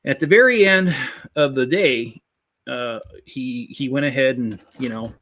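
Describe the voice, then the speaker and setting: A man's voice: medium pitch, a little slow, a bit bright. Rambling, joking man chatting while he builds. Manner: rambling, joking storyteller with many fillers; chats with viewers by name. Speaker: channel host building a toy set. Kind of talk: casual chat while building.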